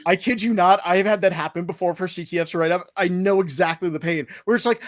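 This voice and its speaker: A man's voice: sits high, fast, few pauses. A man with a Midwestern accent hosting a casual live-stream chat, joking and sarcastic, often laughing.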